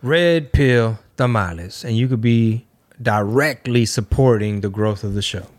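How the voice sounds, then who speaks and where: A man co-hosting a casual podcast, telling stories in a profane, animated way with voiced bits. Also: medium pitch, unhurried. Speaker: podcast co-host.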